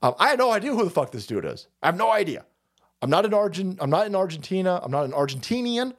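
A man rants through political commentary in a high, very animated voice that swoops up and down. He curses freely, laughs often and pushes his lines hard, like a host riffing alone on his show. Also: quick pace. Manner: loud, profane, laughs often, swings pitch wildly. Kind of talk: profane ranting commentary.

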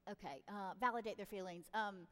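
A middle-aged woman giving parenting advice in a chatty, animated storytelling way. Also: mid-range voice, a little fast. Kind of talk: casual advice talk. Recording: reverberant room.

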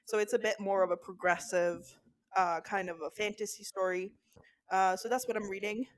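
A young woman co-hosting a podcast in casual chat, talking hesitantly with many pauses. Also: mid-range voice, fairly even intonation. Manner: hesitant, many fillers and restarts. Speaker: podcast co-host.

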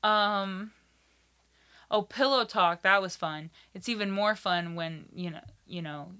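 A woman chatting casually as a podcast guest, telling animated stories with lots of "like" fillers and frank swearing. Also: mid-range voice, takes it slowly, clear, resonant tone. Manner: animated storytelling, many "like" fillers, swears freely. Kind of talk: casual chat.

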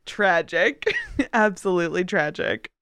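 Lively laughing woman podcast co-host. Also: on the low side, slow pace, clean tone, no echo, studio quality. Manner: laughs often, animated storytelling. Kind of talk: casual chat.

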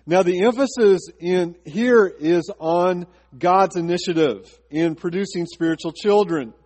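A man's voice: high voice, measured pace, darkish tone, big-room sound. A man pastor preaching a sermon to his congregation, asking rhetorical questions and slipping into a chatty personal story. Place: church sanctuary.

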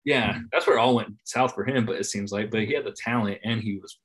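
A man in casual conversation, laid-back, swearing freely and trailing off softly at the ends of his phrases. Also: lowish voice, fairly quick. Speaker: podcast guest. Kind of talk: casual chat.

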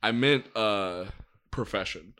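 A man's voice: lowish voice, takes it slowly, bright, forceful tone, clean tone. A man co-hosting a casual podcast, swearing a lot and arguing his point. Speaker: podcast co-host. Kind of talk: casual chat.

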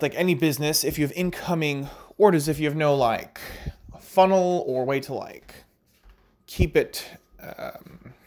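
A man who works as a barista talks in a casual monologue, wandering from point to point. His voice sits at an average pitch for a man. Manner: rambling, digressive.

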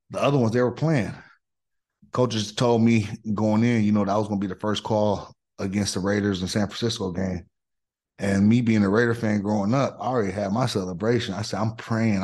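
Husky, gravelly-voiced man telling stories. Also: on the low side. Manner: animated, excitable storytelling with slang. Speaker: podcast guest, former NFL offensive tackle. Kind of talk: casual storytelling.

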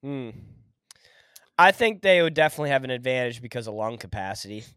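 Young male co-host, voice rough from being sick, animated and jokey, close dry mic. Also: mid-range voice, a little fast, dry recording. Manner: laughing, joking, expressive. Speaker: podcast co-host. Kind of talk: casual chat.

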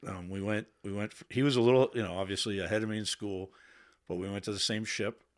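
Low-voiced man telling blunt stories. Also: fairly even intonation, fast talker. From Boston area. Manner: candid, swears freely, quotes himself in raised voice. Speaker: podcast guest, Navy veteran. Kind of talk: casual storytelling. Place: podcast studio.

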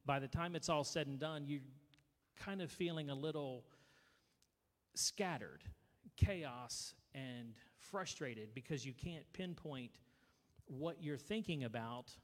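Man, slightly high voice, earnest confessional testimony, handheld mic, long hall reverb. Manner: earnest, confessional, halting restarts. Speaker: speaker sharing a personal testimony. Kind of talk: personal testimony talk.

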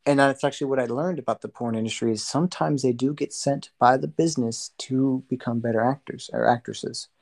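A man's voice: mid-range voice, a little fast, gravelly, hardly any pauses, darkish tone. A young man co-hosting a podcast, talking frankly in casual chat, rambling and laughing easily. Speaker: podcast co-host.

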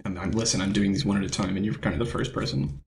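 Man player, low and gravelly, eager questioner in tabletop comedy. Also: fairly even intonation, fast, a little hiss or hum.

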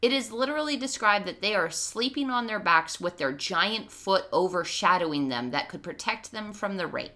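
A woman co-hosting a podcast, retelling a book in casual chat with dry, deadpan asides. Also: medium pitch, normal speed, hardly any pauses. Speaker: podcast co-host.

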